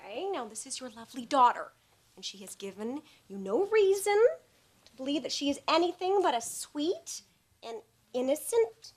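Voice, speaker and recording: An actress playing a self-assured aunt who talks in soothing, patronizing therapy-speak in a sitcom. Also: female voice, sits high, sing-song, normal speed. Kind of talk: multi-camera sitcom acting.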